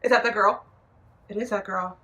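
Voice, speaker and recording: Bright, excitable woman shrieking and swearing. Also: medium pitch, moderate pace, low-quality recording. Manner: rambling, filler-heavy storytelling. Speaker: YouTube reaction vlogger. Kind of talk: reaction commentary.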